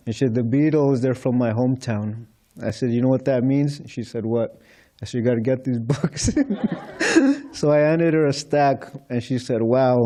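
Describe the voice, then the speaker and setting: Speaking in a mellow, mid-range voice, a man serves as temple speaker in a temple hall. His talk to the congregation is built on stories, with anecdotes and retold conversations punctuated by light laughter.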